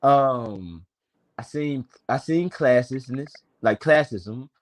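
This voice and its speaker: A man's voice: mid-range voice, animated, slow pace. A man in his twenties from Memphis with a Southern accent, chatting casually on a stream with profane slang and long rambling stories. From Memphis, Tennessee. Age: 20s. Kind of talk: casual chat.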